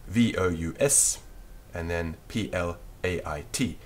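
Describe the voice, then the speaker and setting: Slow husky man dictating a lesson. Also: sits low. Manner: slow, patient, spells words letter by letter. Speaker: French teacher.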